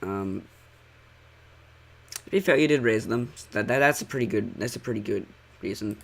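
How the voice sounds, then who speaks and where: A man's voice: fairly low pitch, normal speed, creaky. A man giving sarcastic reaction commentary, rambling and leaning on the word "like" as he pokes holes in what he watches. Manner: sarcastic, rambling, heavy use of "like". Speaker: channel critic.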